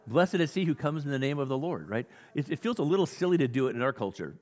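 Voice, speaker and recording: A male pastor preaching a sermon in a conversational, animated teaching style with frequent restarts. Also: mid-range voice, fast. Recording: long hall reverb.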